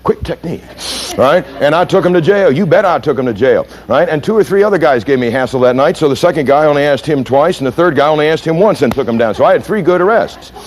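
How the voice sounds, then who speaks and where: A man's voice: fairly high pitch, fast. A man from the United States who trains police, telling stories in a lecture and quizzing his audience. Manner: animated, punchy storyteller who asks the audience questions. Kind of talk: storytelling lecture.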